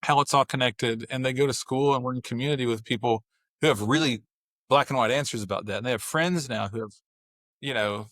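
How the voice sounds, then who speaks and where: A man, a father, talking as a podcast guest, telling family stories with lively, acted-out bits of dialogue. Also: mid-range voice, a little fast, no echo, studio quality. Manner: animated storyteller, acts out family dialogue. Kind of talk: casual chat.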